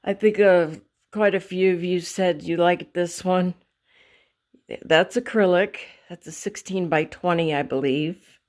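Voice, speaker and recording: Slow, low-voiced woman rambling. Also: fairly even intonation, a little mellow. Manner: rambling, loses words and corrects herself. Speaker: vlogger showing her artwork. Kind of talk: casual show-and-tell vlog.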